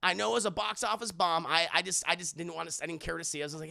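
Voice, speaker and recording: Man streamer, rambling and profane movie recap to chat, fairly high, very gravelly. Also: animated, rapid-fire, pushed and bright. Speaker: movie reviewer and livestreamer. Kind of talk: casual livestream movie review.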